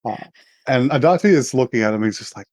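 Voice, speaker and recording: A man's voice: medium pitch, expressive, fast talker, a little mellow, no room sound. A man co-hosting a podcast, casually retelling an episode and acting out the characters' lines, laughing often. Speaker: podcast co-host. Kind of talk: casual chat recapping an episode.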